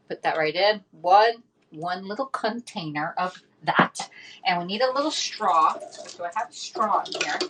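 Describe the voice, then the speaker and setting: A woman's voice: on the low side, a bit bright. Chatty woman saying y'all. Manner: chatty, says y'all often, many fillers and restarts. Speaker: livestream host selling kitchen products. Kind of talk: casual livestream chat.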